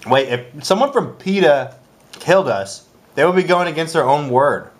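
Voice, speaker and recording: Lively young man joking around. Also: a little high, normal speed. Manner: jokey, sings silly jingles, reads fan questions. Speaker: comedy show co-host. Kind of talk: goofy casual banter.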